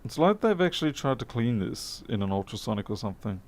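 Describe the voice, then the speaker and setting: A fast-talking repair technician with a medium-pitched voice and big pitch swings chats to camera as he fixes a laptop in his workshop. He mutters while working and often mocks himself in this casual workbench commentary.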